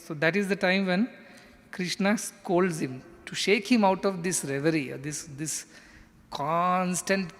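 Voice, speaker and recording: A man's voice: a little high, in a large hall. A man giving an earnest scripture lecture, explaining step by step. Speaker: scripture teacher.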